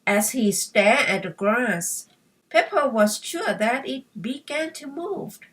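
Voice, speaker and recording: A woman slowly reading a children's story aloud for English learners, in a careful, clear way. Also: fairly high pitch, lively intonation, a bit bright, recorded from a distance, rough recording. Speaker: storybook reader.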